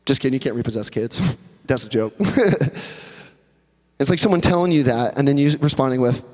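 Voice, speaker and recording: A man preaching a sermon as pastor, in a conversational, animated storytelling manner. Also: fairly high pitch, fairly quick. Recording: long hall reverb.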